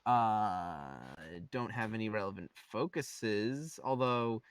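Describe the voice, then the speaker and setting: A man's voice: lowish voice, lively intonation, slow pace, smooth, dry recording. A man playing an online tabletop game, thinking aloud in a casual, musing way. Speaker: player.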